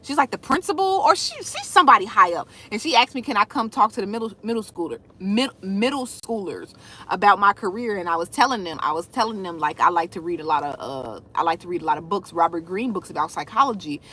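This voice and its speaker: A woman's voice: medium pitch, fast talker, breathy edge. A young woman, chatting casually with her viewers on a livestream as a food content creator. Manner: animated, talks straight to viewers, reads out comments.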